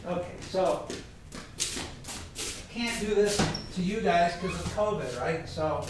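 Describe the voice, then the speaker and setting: A man leads a tai chi class, talking slowly and a bit high, chatty and correcting himself as he shows each move. He is heard from across a very echoey training room with a faint hiss behind him. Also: far from the mic. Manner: chatty, self-correcting, demonstrating moves. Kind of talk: teaching a class over video. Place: training room with heavy bag.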